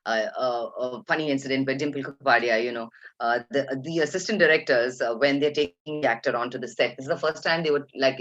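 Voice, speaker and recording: Indian woman in her 50s telling lively stories over a video call, audio kinda dull and lo-fi. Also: low-pitched. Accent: Indian English. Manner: lively storyteller, acts out quotes, laughs often. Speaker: guest speaker. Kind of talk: animated anecdote telling.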